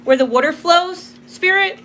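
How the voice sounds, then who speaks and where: A woman's voice: very high-pitched, a little slow, a bit bright, a little hiss or hum. A woman hosting a live spirit box session, emotional and apologetic as she talks to the spirits, close to tears. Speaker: tarot reader and spirit box host.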